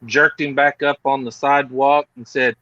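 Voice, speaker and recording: A man's voice: medium pitch, normal speed, no room sound, dull audio. A man telling a story in casual chat over a video call, acting out the other people in it. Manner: animated, acts out other people's lines.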